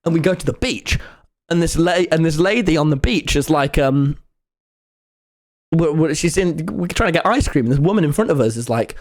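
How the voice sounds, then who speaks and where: A man, telling a story to his live chat in an excitable, rambling way. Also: a little high, brisk, soft background music. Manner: excitable and rambling, with many restarts. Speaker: streamer.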